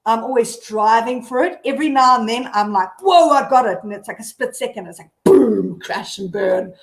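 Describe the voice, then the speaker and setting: A woman's voice: fairly high pitch, fairly even intonation, normal speed. A woman blogger as a guest on a casual live video chat, talking candidly in a rambling way with many fillers. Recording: echoey room.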